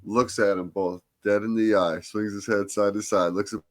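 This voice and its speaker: A man with a lowish voice and an Upstate New York accent tells relaxed stories about friends on a golf podcast. He keeps saying "bro" and "dude". The recording is dry and close. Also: normal speed, no echo. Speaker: podcast co-host. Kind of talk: casual storytelling.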